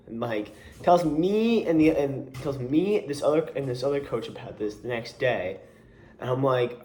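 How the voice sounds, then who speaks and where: A young man tells a rambling camp story in a casual vlog. He keeps restarting and adding asides in an exasperated way, at a middle pitch. His voice carries a roomy echo. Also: expressive, normal speed, dark tone, a little hiss or hum. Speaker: camp coach and counselor.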